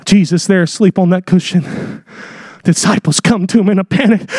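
A man preaching a sermon, swinging between shouted high peaks and hushed whispers. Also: normal speed, slightly rough, no room sound, studio quality.

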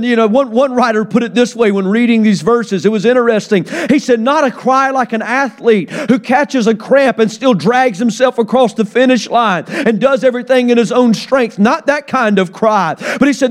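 A pastor delivers an earnest, conversational sermon in a notably high voice. He mixes folksy asides into his preaching.

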